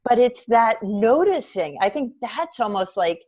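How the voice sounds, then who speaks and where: A woman educator speaking as a guest in casual interview chat, reflective and measured. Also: on the high side, sing-song, a little mellow.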